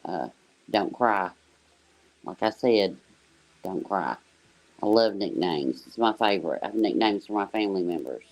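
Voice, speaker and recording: A woman with a bass voice guests on a livestream panel, chatting loosely and rambling with plenty of "you know" fillers. She's animated yet measured in pace, leaves long pauses, and sounds a little mellow.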